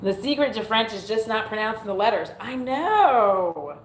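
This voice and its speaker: A woman's voice: on the high side, very animated, normal speed, slight background noise. A young adult woman chatting casually on her livestream, giggling, mocking herself and swearing freely. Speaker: beauty YouTuber hosting a livestream. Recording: roomy echo.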